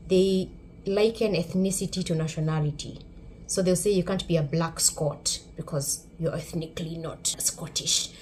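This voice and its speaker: A woman from Kenya with a Kenyan accent, speaking a little low for a woman. She gives a sarcastic, emphatic commentary for her vlog. Faint background noise runs under her voice. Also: darkish tone. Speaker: YouTube commentator.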